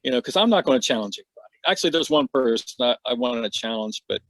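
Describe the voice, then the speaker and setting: A man's voice: mid-range voice, lively intonation, quick pace, no room sound. A middle-aged man talking frankly and casually as a podcast guest, laughing at himself and swearing now and then. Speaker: podcast guest, martial artist.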